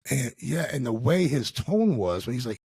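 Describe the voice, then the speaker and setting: Male podcast guest, mid-pitched, slangy and animated storyteller, close dry recording. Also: normal speed, breathy edge, no room sound. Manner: animated, slangy, calls the listener dude and bro. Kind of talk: casual storytelling.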